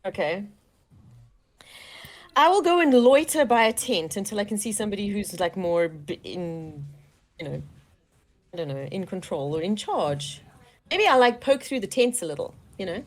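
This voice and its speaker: A woman playing a tabletop game as a player, asking questions in a playful, animated way. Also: medium pitch, normal speed, long pauses.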